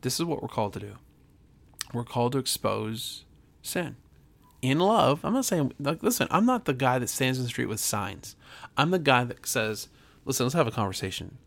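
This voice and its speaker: A man's voice: mid-range voice, big pitch swings, normal speed, gravelly, a bit bright. A man, a pastor, preaching to his podcast audience in an earnest, emphatic way, often repeating himself and restarting phrases.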